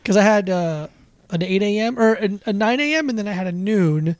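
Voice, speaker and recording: A man's voice: high voice, expressive, no echo. A young man co-hosting a podcast, goofy and teasing in casual chat. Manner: goofy, quick-witted, teasing. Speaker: podcast co-host.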